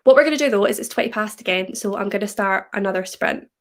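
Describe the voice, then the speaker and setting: A young woman from Scotland with a softened Scottish accent, chatting casually on a livestream and reading viewer comments aloud. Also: medium pitch, fast. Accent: Scottish, softened by English. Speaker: livestream host.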